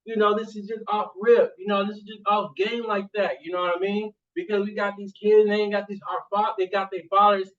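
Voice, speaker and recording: High-voiced man rambling from afar. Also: level tone, a little fast, hardly any pauses, fairly bright tone. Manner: rambling, repeats "you see what I'm saying"; street slang, emphatic at times. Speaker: vlogger and college student. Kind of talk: casual storytelling monologue. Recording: distant, muffled lo-fi sound.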